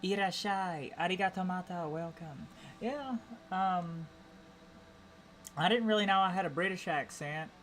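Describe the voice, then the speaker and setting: A woman's voice: on the low side, a little slow, slight background noise. A woman streamer with an Appalachian accent chatting casually while gaming, rambling, repeating words and restarting her sentences.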